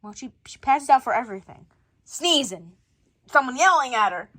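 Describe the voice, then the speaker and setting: A woman's voice: high voice, sing-song, normal speed, pushed and bright, dry recording. A woman telling a playful family story, switching between many character voices. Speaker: storyteller voicing a family skit. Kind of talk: playful family role-play.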